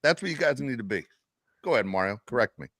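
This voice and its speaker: Lively, swearing man ranting on a podcast. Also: medium pitch, fast, no room sound, clean studio sound. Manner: animated, profane ranting storyteller. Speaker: podcast co-host. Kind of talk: casual chat.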